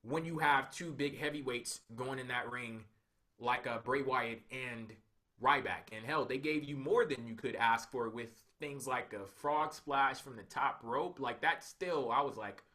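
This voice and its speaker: A young man co-hosting a casual wrestling review show, talking in an animated and mocking way. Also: medium pitch, unhurried. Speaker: podcast co-host.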